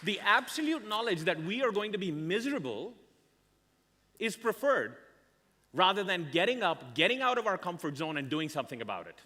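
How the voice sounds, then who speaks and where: A man giving a motivational conference talk as a career coach, telling stories dramatically with emphatic pauses. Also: sits high, very animated, pushed and bright, some chatter behind. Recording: reverberant hall.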